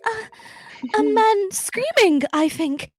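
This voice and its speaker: A woman's voice: very high-pitched, lively intonation, slow. A woman joking through a group game read-through, with mock-prim, theatrical asides. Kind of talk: playful group game-dubbing chat.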